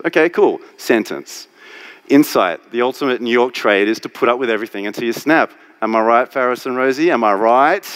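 Guy doing a live strategy talk on stage, candid, jokey, kinda animated. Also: medium pitch. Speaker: strategy speaker. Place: conference stage.

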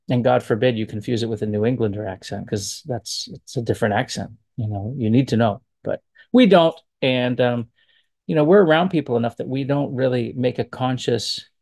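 A man, a professor, giving casual spoken commentary on language, relaxed and thinking aloud as he digresses. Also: medium pitch.

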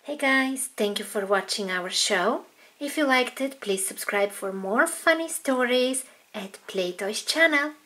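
A woman's voice: on the high side, expressive, measured pace, bright, forceful tone. A woman voicing dolls in a toy-play video, in a childlike, sing-song way. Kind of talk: toy play with doll voices.

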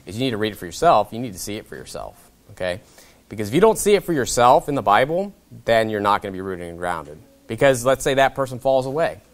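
Lively preacher, conversational. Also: male voice. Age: young adult to middle-aged. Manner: conversational preaching, wide swings in pitch and loudness, frequent "okay?". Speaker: pastor. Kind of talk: sermon.

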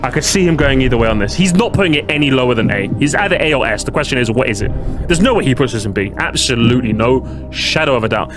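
A man giving excited reaction commentary, making predictions and pleading with the screen. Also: mid-range voice, fast. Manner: animated, predicting and pleading, bursts of laughter. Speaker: reaction streamer. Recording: music playing under the voice.

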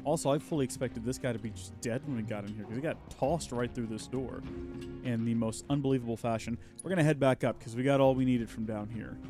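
A man giving playful let's play commentary, sometimes drifting into silly drawn-out voices. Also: medium pitch. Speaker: gaming host. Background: game music.

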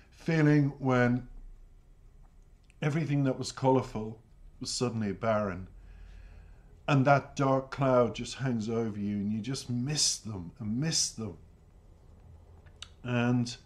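A middle-aged Irish man hosting a music reaction channel, talking in a halting, emotional way with sighs as he tells a personal story. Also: mid-range voice, darkish tone. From Ireland. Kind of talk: reflective reaction commentary.

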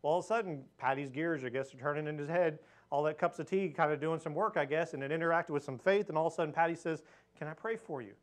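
A man with a fairly high voice teaches a church lesson in a relaxed, conversational way. He tells stories plainly and leans into his points of faith with earnest emphasis. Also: fast talker, few pauses. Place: church hall with pulpit.

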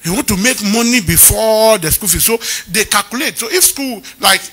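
A man, a pastor preaching a sermon with lively storytelling and acting out the people he quotes. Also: sits high, moderate pace, husky.

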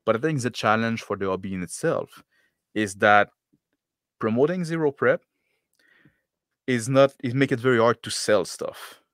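A man's voice: medium pitch, moderate pace, long pauses, fairly bright tone, dry recording, studio quality. A man on a gaming panel in casual chat, explaining at length and ending his points with "right?". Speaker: panelist game master.

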